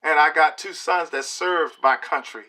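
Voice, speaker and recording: Forceful preachy middle-aged man. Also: on the high side, normal speed. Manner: emphatic, preachy, keeps checking in with "okay?". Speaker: video blogger. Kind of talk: opinion monologue to camera.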